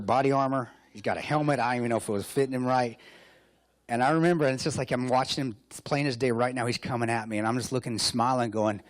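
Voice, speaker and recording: A man's voice: medium pitch, dry recording. Joking man telling war stories, dry sound. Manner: joking, self-mocking storyteller; punchy, repeats phrases for emphasis. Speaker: keynote speaker. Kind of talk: motivational speech with war stories. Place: hotel luncheon hall.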